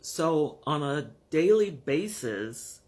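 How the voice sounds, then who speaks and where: Slow, frank man in his fifties or sixties. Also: fairly high pitch, big pitch swings, darkish tone. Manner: frank, measured, pausing to search for words. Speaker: vlogger. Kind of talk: candid personal vlog monologue.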